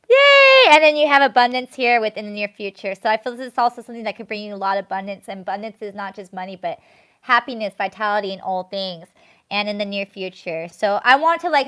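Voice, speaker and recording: A young woman streaming a live tarot reading, talking casually as she shuffles and draws cards. Her pitch sits in the middle of a woman's range, and she stretches words out between bursts of excitement. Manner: chatty, drawn-out, breaks into excited squeals. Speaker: tarot card reader.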